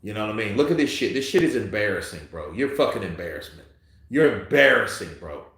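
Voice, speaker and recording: A man's voice: on the low side, lively intonation, fairly quick, gravelly. Profane, heated man in an echoey room. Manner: profane, heated, swings between muttering and shouting. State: a little tipsy. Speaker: boxing commentator. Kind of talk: live fight-watching commentary.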